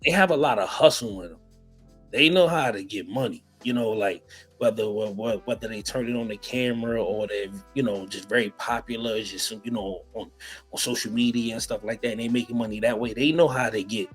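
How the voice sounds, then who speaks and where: Laid-back husky man hosting a chat. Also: fairly low pitch, fairly quick, faint music behind, rough recording. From the Bronx, New York. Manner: laid-back, repeats words, says "man" often. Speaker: podcast host. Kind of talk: casual interview chat.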